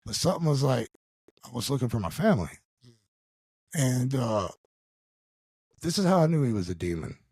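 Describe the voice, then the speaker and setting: A man guesting on a podcast, telling a personal story in an animated, slangy way, calling the listener dude and bro. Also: mid-range voice, moderate pace, long pauses, slightly rough. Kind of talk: casual storytelling.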